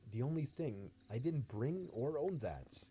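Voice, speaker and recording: A man reading a scripted first-person horror story in a steady, even storytelling manner. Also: medium pitch, unhurried, slight background noise.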